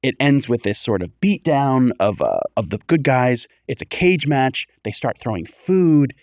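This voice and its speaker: A man's voice: mid-range voice, a little slow. A man guesting on a comedy podcast tells a rambling anecdote with lots of energy, jumping into the voices of the people he describes. His voice sits in a middle range and sounds dry and close, with no room echo. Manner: animated storyteller, acts out quoted voices. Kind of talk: casual storytelling on a comedy podcast.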